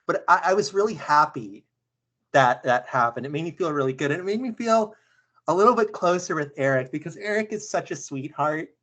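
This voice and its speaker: A young woman earnestly retelling a dream on a video call, halting, with many fillers and restarts. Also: deep voice, lively intonation, a bit bright. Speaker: session participant.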